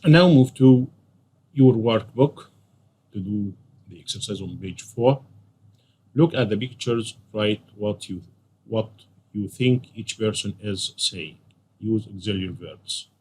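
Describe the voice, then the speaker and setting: A man's voice: on the low side, slow pace, pauses often, darkish tone, a little hiss or hum. A male English teacher walking through a textbook lesson, patiently going over questions and repeating the answers. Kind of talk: classroom lesson walkthrough.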